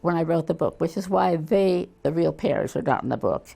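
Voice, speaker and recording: An older woman with a low, gravelly voice and a dark, mellow tone. She is a novelist being interviewed, and she talks casually as an animated storyteller who acts out quoted voices. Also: brisk. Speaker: novelist guest.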